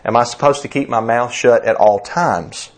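Speaking at medium pitch and a moderate pace, a pastor in his thirties gives a chatty sermon. He relies on storytelling and rhetorical questions, and he often restarts what he's saying.

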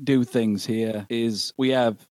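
An actor playing a crude Australian podcast co-host, talking in a deadpan, mocking way with an Australian accent. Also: male voice, medium pitch, takes it slowly, dry recording, studio quality, natural voice. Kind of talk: parody podcast banter.

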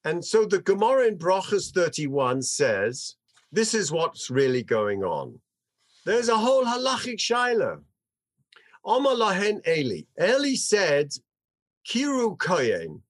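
Slow, animated male Bible teacher. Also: high-pitched. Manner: animated, dramatic, reads and translates verses. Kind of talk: text study lecture.

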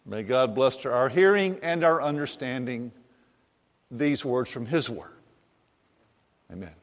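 A pastor giving a sermon in a church, reading scripture aloud and then preaching in an animated, conversational way. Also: male voice, medium pitch. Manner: slow and animated, voicing the disciples and Jesus in quoted lines. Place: church sanctuary. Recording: long reverb of a large hall.

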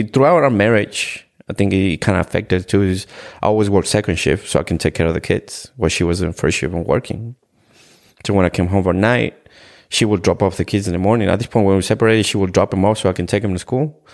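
A middle-aged man from Ecuador, a podcast guest telling his personal story in a halting way, repeating words and acting out remembered exchanges. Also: low voice, darkish tone. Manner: halting, repeats words, retells scenes in quoted dialogue. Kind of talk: personal testimony in a conversation.

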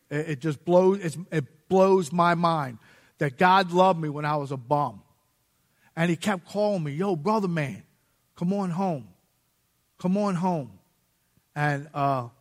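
A man's voice: high voice, fairly bright tone. A man sharing his personal testimony in a sermon, casual and self-laughing, with street slang. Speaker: guest speaker giving testimony in church. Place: church sanctuary. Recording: long reverb of a church hall.

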